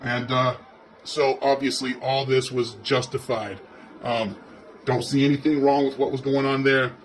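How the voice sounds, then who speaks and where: A man's voice: medium pitch, flat delivery, measured pace, a little hiss or hum, lightly acted. A man playing a crude, foul-mouthed police officer, ranting sarcastically and profanely as he comments on video footage. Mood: sarcastic.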